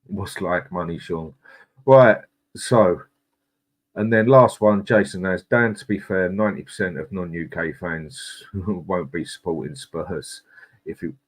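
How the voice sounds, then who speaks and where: A man's voice: low voice, slightly rough. A man hosting a live football stream, ranting angrily and swearing, then reading out and greeting viewers in the chat by name. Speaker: host.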